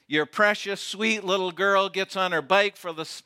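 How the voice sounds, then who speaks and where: A man preaching a sermon, playful and teasing, dropping to a hush to make a point. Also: high voice, steady tone, normal speed, hardly any pauses, clean tone. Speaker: pastor. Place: outdoor gathering with camp chairs.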